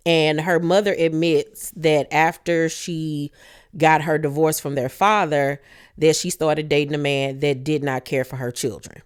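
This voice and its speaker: Low-voiced woman giving a blunt show recap. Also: unhurried, clear, resonant tone. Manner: blunt, profane, animated retelling with quoted voices. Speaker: reality TV recap YouTuber.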